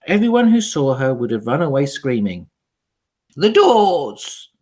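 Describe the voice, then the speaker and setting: A primary school teacher reads a children's novel aloud, telling the story in an expressive, dramatic way. He speaks with a mid-range voice.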